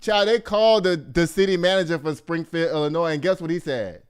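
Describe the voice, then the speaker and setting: A man from Texas, hosting a casual commentary show in an animated, profane and mocking way. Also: fairly high pitch, a little fast, smooth. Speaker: host.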